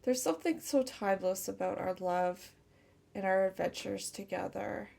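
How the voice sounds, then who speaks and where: A woman tarot reader speaking a channeled message slowly and tenderly, close to tears. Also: medium pitch, creaky, darkish tone. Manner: slow, tender, emotional. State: tearful.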